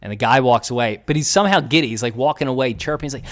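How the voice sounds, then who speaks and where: Philly guy in his 30s telling a story on a podcast, keeps doing the voices, mid pitch. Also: racing. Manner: animated storyteller, acts out quoted voices. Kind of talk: casual storytelling chat.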